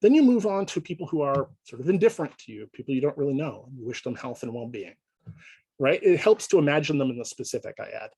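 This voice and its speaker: Male lecturer, husky, dry close sound; easygoing classroom talk, keeps asking "right?". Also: fairly high pitch, very animated, quick pace, few pauses, mellow, no room sound, poor audio. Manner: conversational, checks in with frequent "right?". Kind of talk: informal lecture.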